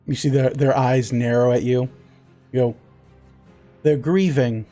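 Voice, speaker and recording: A man's voice: medium pitch, flat delivery, normal speed, warm tone, soft background music. A man narrating a tabletop game as game master, rambling with many fillers.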